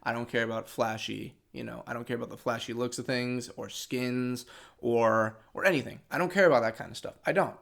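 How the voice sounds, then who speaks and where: A man's voice: mid-range voice, a little fast, creaky, a bit bright. Frustrated, sarcastic man losing his voice. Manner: frustrated and sarcastic, with many restarts. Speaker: gaming channel host. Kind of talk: unscripted vlog rant.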